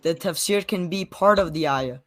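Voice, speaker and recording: A young man in a live debate, talking quickly and defending his points. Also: fairly high pitch, a bit bright, no room sound. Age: young adult. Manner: fast, defensive talker. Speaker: debate participant.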